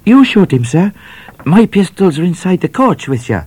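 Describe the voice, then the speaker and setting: A man's voice: high voice, sing-song, moderate pace, darkish tone, husky, no room sound, pitched above the performer's own voice, exaggerated voice. A man voicing a polite, cheerful young male police trooper in his twenties with a dry wit. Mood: wry. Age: 20s.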